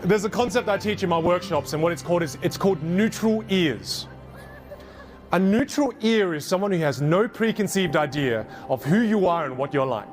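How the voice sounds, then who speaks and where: A man giving a motivational workshop talk to a live audience, animated and emphatic, taking questions from the crowd. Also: sits high, normal speed. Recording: speech over loud background music.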